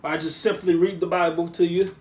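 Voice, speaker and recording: A man hosting a podcast and speaking as a preacher, with a smooth, monotone, relaxing voice; he talks in a rambling way, often restarting his sentences. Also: high voice, a little fast. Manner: rambling, with frequent restarts and asides. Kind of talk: casual podcast talk.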